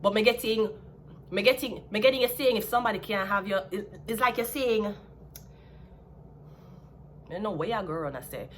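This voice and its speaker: A Jamaican woman in a casual tarot reading, talking in a blunt, sassy way with an average-pitched voice. A faint hum of ambience sits behind her. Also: moderate pace, long pauses. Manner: blunt, sassy, laughs at her own jabs. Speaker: tarot reader.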